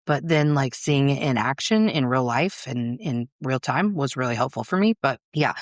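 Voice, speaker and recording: A woman's voice: extremely low pitch, animated, moderate pace, dry recording. Woman hosting a solo podcast, casual and blunt, drops f-bombs, super dry close mic sound. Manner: casual and frank, swears freely; acts out her inner voice in quotes. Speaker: podcast host.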